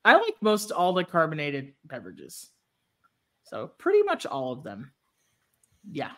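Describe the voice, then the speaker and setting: A woman's voice: deep voice, huge pitch swings, measured pace, a bit bright. Chatty woman podcaster. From Texas. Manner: chatty, laughs easily. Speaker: podcast co-host. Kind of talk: casual chat.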